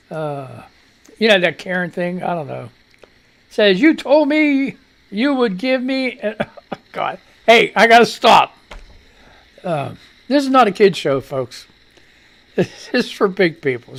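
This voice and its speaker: A middle-aged man hosting a loose, casual radio show. He talks slowly and rambles, his pitch rising and dipping a lot as he goes. He chuckles often and drops crude asides along the way.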